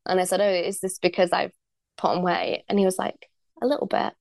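A lowish, slightly mellow female voice with vocal fry moves fairly quickly and with little pitch variation, captured in clean studio sound with no echo. The young woman is a podcast guest sharing a candid personal story, chatty, full of likes and ums, voicing other people's lines.

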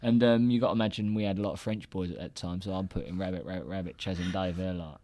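A man's voice: low-pitched, fast. Laughing man telling stories. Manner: laughing, animated anecdotes with impressions. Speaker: podcast co-host, former footballer. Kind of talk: casual storytelling chat.

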